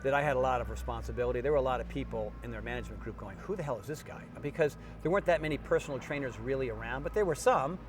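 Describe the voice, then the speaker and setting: A middle-aged man, a fitness trainer, telling lively stories in an interview and acting out the people in them. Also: mid-range voice, very fast, hardly any pauses. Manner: animated storyteller, acts out quotes in funny voices. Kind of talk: storytelling interview. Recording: faint background noise.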